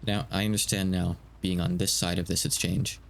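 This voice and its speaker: A man's voice: sits low, flat delivery, moderate pace, creaky. A man streaming a game he translates live, talking to himself in hesitant, stammering asides.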